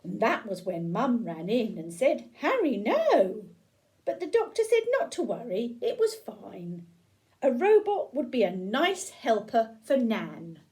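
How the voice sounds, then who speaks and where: A woman's voice: fairly high pitch, very animated, unhurried, mellow, poor audio. An older woman reading a picture book aloud to children, asking them questions and pointing at the pictures. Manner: interactive, asks listeners questions and points at pictures. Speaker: storyteller grandmother.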